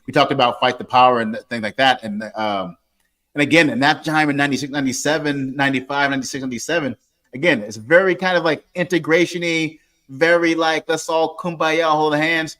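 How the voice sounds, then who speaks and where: A man's voice: a little high, steady tone, fairly quick, a bit bright. A man in his forties, a guest author talking casually in an interview, rambling with many fillers and restarts. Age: 40s.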